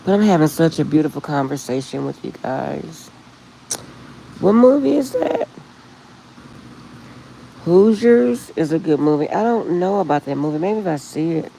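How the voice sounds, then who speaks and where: Middle-aged woman streaming from her phone, chatty and rambling with frequent laughs, gravelly undertone, faint background hiss. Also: low-pitched, expressive, fairly quick, hardly any pauses, mellow, rough recording. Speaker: livestream host. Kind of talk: casual chat with live viewers.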